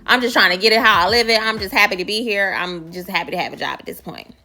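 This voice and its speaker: A woman's voice: medium pitch, fast talker, pushed and bright. A woman voicing a desperate, apologetic young woman who rambles as she pleads. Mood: pleading.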